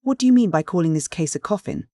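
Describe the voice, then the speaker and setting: A man's voice: sits high, expressive, fast talker, mellow, no room sound, clean studio sound, voice pushed up. A man doing a bellowing, irate old professor. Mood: furious. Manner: blustering, bellowing.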